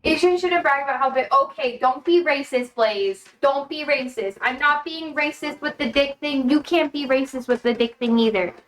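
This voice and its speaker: High-voiced rambling woman streamer. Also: moderate pace, hardly any pauses, a bit bright. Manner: rambling, chatty and blunt with swearing. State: feeling unwell. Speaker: livestream host. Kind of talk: casual livestream chat.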